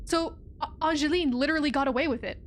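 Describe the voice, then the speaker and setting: This time the young woman talks fast in a high voice as she plays, her commentary casual and animated. She swears plenty and sounds fed up, with slight background noise behind her.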